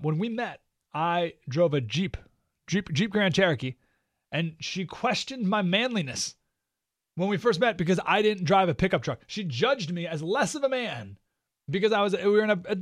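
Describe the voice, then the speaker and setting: Mocking radio host guy, kinda high voice, dead dry studio sound. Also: big pitch swings, a little fast, no echo. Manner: sarcastic, mocking, emphatic. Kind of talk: opinionated talk radio monologue.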